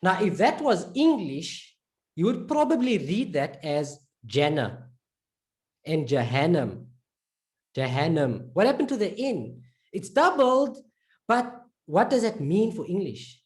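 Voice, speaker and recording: A woman teaching an online lesson, patiently repeating points, checking in with learners and slowly drawing out example words. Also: medium pitch, very animated, a little mellow. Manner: slowly drawn-out word demonstrations. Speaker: Arabic reading teacher.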